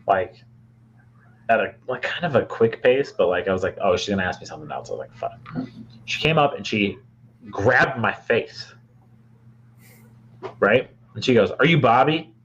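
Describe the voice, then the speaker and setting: A man's voice: lowish voice, animated, moderate pace, long pauses, fairly bright tone, dull audio, slight background noise. A young man from Michigan, a podcast co-host, telling a long rambling story with lots of fillers and restarts. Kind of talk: casual storytelling chat.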